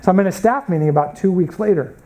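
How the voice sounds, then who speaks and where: Speaking fast in a high, warm voice, an American man delivers a Bible college lecture built on stories, acting out the people in them. The recording is low quality.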